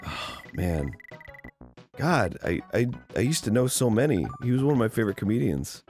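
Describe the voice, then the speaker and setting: A man co-hosting a casual let's-play, joking crudely and reading deadpan one-liners in a smoky, gravelly voice. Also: fairly low pitch, moderate pace, soft background music. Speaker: co-host.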